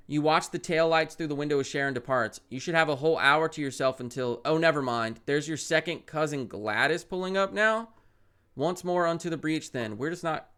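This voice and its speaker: A young man streaming a parenting game, reading its text aloud and reacting with loud outbursts and muttered asides. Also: a little high, clear, resonant tone.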